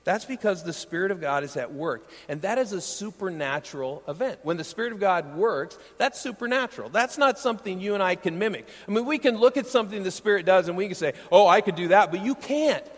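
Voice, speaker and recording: A man from Iowa preaching a sermon as pastor, emphatic and animated, often checking in with his listeners with rhetorical questions. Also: high voice, fairly quick, few pauses. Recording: long reverb of a large hall.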